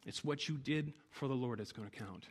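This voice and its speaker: Male pastor, sermon, mid-pitched voice, emphatic repetition, long church reverb. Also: a little fast, breathy edge. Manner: emphatic preaching with repeated phrases. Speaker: preacher.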